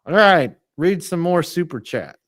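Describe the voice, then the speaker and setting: A man's voice: a little high, lively intonation, measured pace, a bit bright. A man co-hosting a casual sports podcast, blunt and jokey, with frequent swearing. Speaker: co-host.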